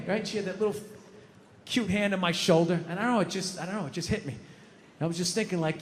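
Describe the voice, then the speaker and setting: A man's voice: high voice, fast talker. A middle-aged man performing stand-up comedy, swearing a lot and acting out his own outbursts. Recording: reverberant hall, faint noise.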